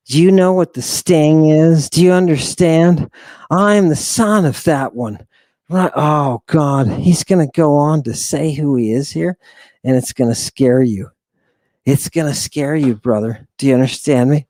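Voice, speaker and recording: This livestream lecture host has a slightly high, warm voice and a measured pace, recorded without room sound. He talks emphatically, sighs a lot, breaks into asides, and keeps asking his audience if they follow.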